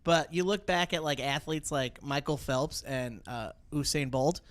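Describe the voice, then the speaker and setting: A man's voice: on the high side, a little slow. A male co-host in casual chat, hesitant and full of fillers. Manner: hesitant, filler-heavy talk.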